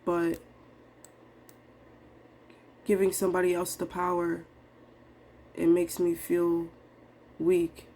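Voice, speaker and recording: A young woman venting in a low, confessional way, rambling and dejected with casual slang. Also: completely flat delivery, slow, pauses often, warm tone. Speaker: vlogger day trader. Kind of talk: emotional live trading vlog.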